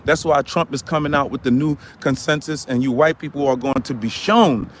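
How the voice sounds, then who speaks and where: A man playing a boastful, hot-tempered man who rants on a live stream, swinging from muttering to yelling. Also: mid-range voice, normal speed, background noise, lightly acted. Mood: ranting. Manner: ranting, repetitive, swinging from mutters to yells. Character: loud boastful ranting man, quick to anger.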